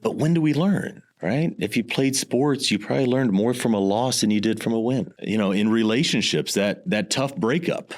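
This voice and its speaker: A man's voice: mid-range voice, moderate pace, hardly any pauses, a little mellow. A man in his thirties or forties, a guest on an interview podcast, talking in an earnest, emphatic way and repeating phrases for weight. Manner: earnest, emphatic, leans on repetition. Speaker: guest, business executive. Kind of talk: reflective interview talk.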